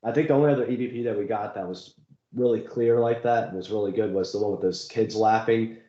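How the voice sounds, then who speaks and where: A man's voice: on the low side, steady tone, quick pace, warm tone. A man co-hosting a casual chat about ghost hunting, rambling and laughing often. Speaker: podcast co-host. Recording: echoey room, dull lo-fi sound.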